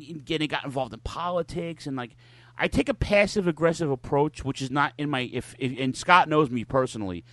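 A man's voice: on the high side, a bit bright, no echo. Profane, rambling podcast host man. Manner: profane, loose storytelling with lots of cursing. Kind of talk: casual chat.

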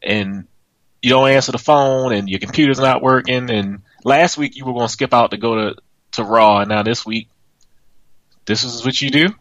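A man's voice: medium pitch, moderate pace, a bit bright, no room sound, low-quality recording. A man hosting a podcast, ranting in exasperation, swearing and laughing as he waits for his co-host. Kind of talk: profane comedic podcast rant.

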